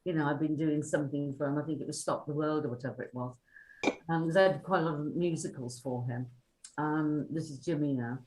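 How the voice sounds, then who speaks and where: A woman's voice: low-pitched, brisk, a little mellow, rough recording. A woman telling meandering, chatty stories about her acting career. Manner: chatty, meandering anecdotes with fillers. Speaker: actress recalling her career. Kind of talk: casual reminiscing on a video call.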